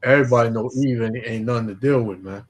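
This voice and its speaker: A man hosting a relaxed talk stream, drawling with lots of fillers. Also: mid-range voice, fast, a little hiss or hum. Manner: laid-back, drawling, many fillers. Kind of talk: casual chat and scripture reading.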